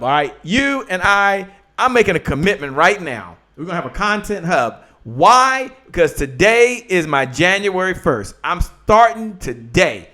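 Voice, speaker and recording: Lively high-voiced male show host. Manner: animated, excitable, talks to viewers and guest. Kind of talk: live-stream talk show hosting.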